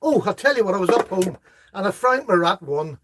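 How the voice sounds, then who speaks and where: Chatty high-voiced man. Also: big pitch swings, a little fast, background noise. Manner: chatty, laughs at jokes, reads viewer comments aloud. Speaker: host of a live knife chat. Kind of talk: casual live-stream chat.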